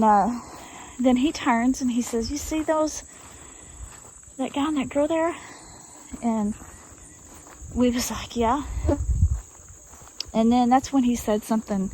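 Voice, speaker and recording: A woman's voice: a little high, a little mellow, rough recording. A woman telling a story to her viewers in a folksy, drawling way, recorded outdoors in rural woods. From Arkansas. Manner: folksy, drawling, addresses listeners as y'all. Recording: faint outdoor noise. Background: crickets and insects.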